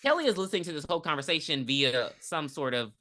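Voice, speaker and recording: Lively, bright-voiced woman podcast host. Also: sits low, fast. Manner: animated, acts out characters' lines, swears freely. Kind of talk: casual movie-review chat. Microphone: podcast mic.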